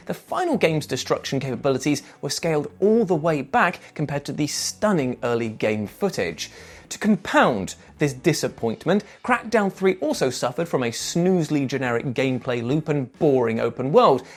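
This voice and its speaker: A young English man from England hosting a gaming countdown video in an animated, jokey, playful way. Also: a little high. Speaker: video presenter.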